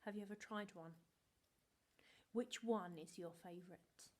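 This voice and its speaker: A woman, a primary school teacher giving a remote video lesson to young children in a bright, sing-song, animated way, speaking slowly and clearly. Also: medium pitch.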